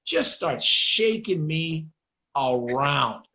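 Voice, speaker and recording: Guy telling dog training stories, cusses a lot, kinda high voice, roomy echo. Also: extremely slow. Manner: profane, animated storyteller acting out voices. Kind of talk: casual storytelling chat.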